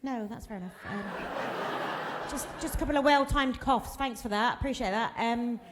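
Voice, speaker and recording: A woman's voice: on the high side, moderate pace. A woman, doing a bawdy stand-up set and chatting with the crowd. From Plymouth, England. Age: 40s. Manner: bawdy, chatty, laughing at her own jokes, quizzing the crowd. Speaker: stand-up comedian. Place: comedy club room.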